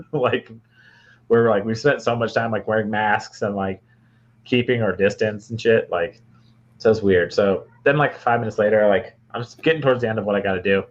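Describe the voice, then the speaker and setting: Low-voiced young man telling a rambling story. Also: normal speed, lo-fi sound. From Michigan, US. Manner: rambling, many fillers and restarts. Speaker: podcast co-host. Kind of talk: casual storytelling chat.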